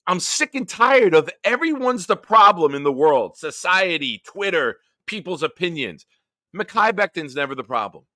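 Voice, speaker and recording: A man's voice: high-pitched, very animated, normal speed, bright, forceful tone, no echo, studio quality. A man hosting a live-stream sports chat, ranting profanely and heatedly, then chatting with viewers. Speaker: host.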